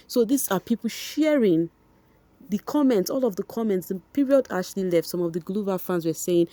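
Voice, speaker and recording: A woman's voice: medium pitch, animated, normal speed, dark tone, dry recording. A young woman with a Nigerian accent, chatting directly to her viewers in a casual gossip commentary, repeating points for emphasis. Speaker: vlogger.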